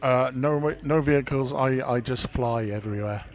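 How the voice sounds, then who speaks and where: A man voicing a campy, theatrical male vampire count on a prank phone call, speaking slowly and grandly. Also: mid-range voice, close to an everyday voice. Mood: deadpan spooky. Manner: slow, drawn-out theatrical delivery. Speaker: scambaiter.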